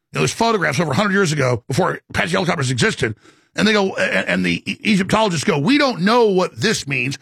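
A man's voice: high voice, creaky, fairly bright tone, breathy edge, no room sound, clean studio sound. A man hosting a talk show, delivering an impassioned, rambling monologue with emphatic stresses and many stammered restarts.

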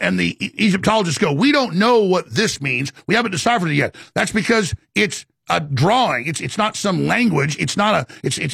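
A man with a high, gravelly voice rants at full tilt, stumbling over repeated words as he pushes on. His husky tone sits close and dry, with no room around it. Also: fairly bright tone, dry recording. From Texas. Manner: ranting, rapid and repetitive. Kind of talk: impassioned monologue.

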